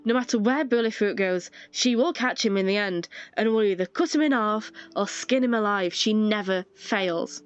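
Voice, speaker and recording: A woman's voice: mid-range voice, moderate pace, few pauses, clean tone, close to an everyday voice. A woman voicing a smug, condescending cult operative in a game who makes threats. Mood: menacing. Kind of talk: fan voice-over of a game scene. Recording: dull lo-fi with faint music.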